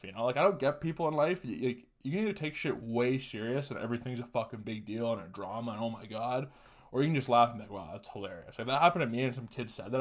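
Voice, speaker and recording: A man in his twenties hosting a podcast, telling casual profane stories on his own and laughing through them. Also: medium pitch. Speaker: podcast host. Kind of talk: casual solo storytelling.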